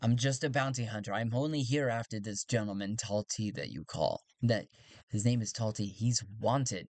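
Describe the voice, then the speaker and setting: A man's voice: lowish voice, animated, normal speed, darkish tone, dry recording, voice pushed down. A man voicing a pushy male bounty hunter who insists and repeats himself. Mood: defensive.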